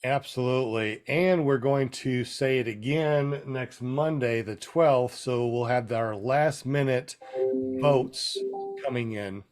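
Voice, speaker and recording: A man hosting a casual panel podcast, relaxed and quick to agree with his guests. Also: mid-range voice, soft background music. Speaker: podcast host.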